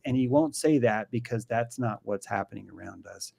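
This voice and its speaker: A man's voice: on the low side, moderate pace, vocal fry, hardly any pauses, mellow, slightly rough, no echo. A man as a guest, talking in a profane, ranting way in an opinionated conversation.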